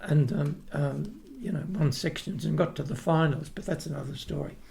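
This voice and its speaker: An older Australian man with a gravelly, creaky edge to a slightly high voice. He tells long, wandering stories in a relaxed interview, doubling back and restarting as he goes, and slips into the voices of the people he remembers. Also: normal speed. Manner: rambling anecdotes with restarts, acts out quoted voices. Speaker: guest, retired opera tenor. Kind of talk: casual storytelling interview.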